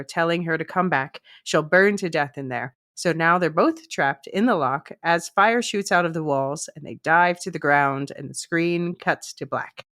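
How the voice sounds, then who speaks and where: A woman hosts a podcast in a fairly low, easy voice, walking through a TV episode's plot with frequent laughs. The sound is dry and close, with no room around it. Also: no room sound. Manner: chatty, laughs often, recaps plot at a steady clip. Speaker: podcast host. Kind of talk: casual podcast chat and episode recap.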